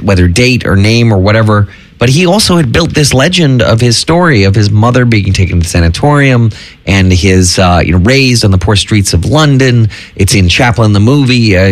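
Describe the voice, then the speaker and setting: A man's voice: fairly low pitch, lively intonation, normal speed, no room sound. A man hosting a casual comedy podcast, rambling and swearing as he tells loose, jokey stories. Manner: rambling, profane, jokey storyteller.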